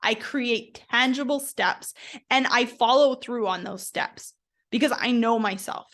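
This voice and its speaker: A woman's voice: fairly high pitch, measured pace, fairly bright tone. Blunt, emphatic woman podcast host. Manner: blunt, swears freely, emphatic. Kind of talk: motivational solo podcast.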